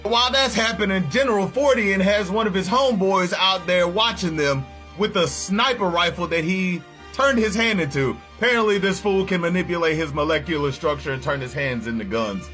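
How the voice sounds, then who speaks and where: A man telling a comic storyline in loose, profane street slang, full of energy. His voice sits high and bright. Faint background music plays under him. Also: moderate pace. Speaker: comic recap host. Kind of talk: casual comic book recap.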